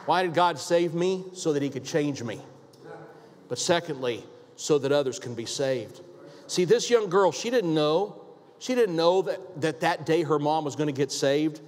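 A pastor preaching a sermon in a church, emphatic and repetitive, asking rhetorical questions. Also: male voice, on the high side, lively intonation, normal speed, darkish tone. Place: church sanctuary. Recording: long hall reverb.

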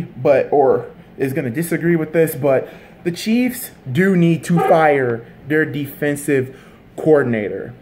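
A fired-up sports vlogger ranting straight to the camera. The voice swings up and down constantly, lively and animated, with frequent swearing, repeated phrases and restarts as the frustration spills out. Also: medium pitch, slight background noise. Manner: heated, profane, repeats himself and restarts mid-sentence. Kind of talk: casual sports rant to camera.

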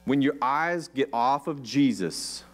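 A man's voice: mid-range voice, slow pace, a bit bright. A man preaching a casual sermon, chatty and joking, with rhetorical questions and many "like"s. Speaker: pastor.

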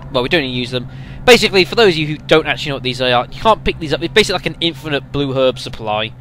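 A man giving casual, chatty let's play commentary, speaking to viewers as folks with lots of halting fillers. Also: mid-range voice.

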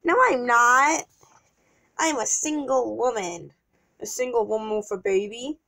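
Sly giggly young wife, voiced by a woman: high, slow, scheming. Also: creaky, sharp tone, exaggerated voice. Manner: giggly, conspiratorial.

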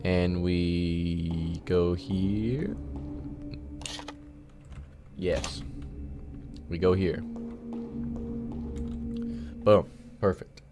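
Low-voiced swearing gaming commentator. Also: male voice, steady tone, very slow, pauses often, music in the background. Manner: swears a lot, frustrated muttering at the game. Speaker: gaming channel host. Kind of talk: casual gameplay commentary. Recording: keyboard and mouse clicks behind.

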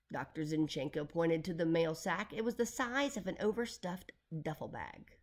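A woman narrating a children's chapter book in a lively, expressive way. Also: deep voice, moderate pace. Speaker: audiobook reader.

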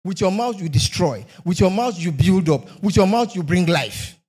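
High-voiced emphatic preacher. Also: male voice, expressive, normal speed, a little mellow, husky. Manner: emphatic, rhetorical questions, repeats phrases for effect. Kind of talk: sermon.

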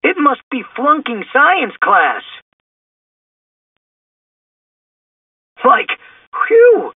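A man's voice: very high-pitched, huge pitch swings, slow pace, slightly rough, no room sound, voice pushed up, exaggerated voice. A man reading a storybook aloud and voicing a jumpy, always-hungry teenage boy who squeals when scared. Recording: distant, tinny phone-like sound.

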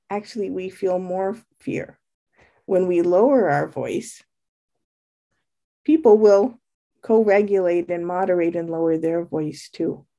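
A woman's voice: mid-range voice, mellow. A woman coaching on leadership in an earnest, emphatic way, with light laughs between her points. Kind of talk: spoken lesson on kind leadership.

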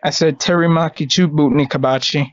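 A man making a prank call, taunting and insulting the person on the line with drawn-out mocking phrases. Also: on the high side, steady tone. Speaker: prank caller. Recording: muffled lo-fi recording.

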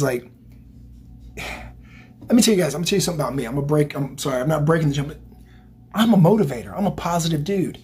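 Husky man, fairly high voice, psychic tarot reading, emotional, motivational, repetitive. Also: lively intonation, a little fast, pauses often, darkish tone. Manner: emotional, motivational, rambling with repeats. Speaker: tarot reader.

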